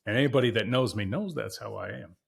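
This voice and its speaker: A man's voice: lowish voice, fast talker, gravelly, breathy edge. A man hosting a podcast, chatting casually and candidly to viewers about his car, emphatic and repeating himself for emphasis. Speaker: podcast host.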